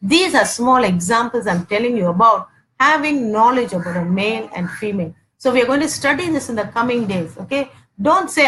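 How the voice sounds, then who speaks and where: A woman's voice: a little high, animated, a little fast, fairly bright tone, slight background noise, poor audio. Woman teaching on marriage, "okay"-filled. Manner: repeats herself often, peppers talk with "okay", acts out domestic quarrels.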